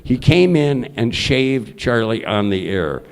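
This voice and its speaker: An older man, a journalist and honored guest, telling lively, profane anecdotes on stage at an event. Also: mid-range voice, slow pace, creaky, clean tone. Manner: lively raconteur, salty language. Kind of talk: live anecdotal storytelling on stage. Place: event hall before an audience.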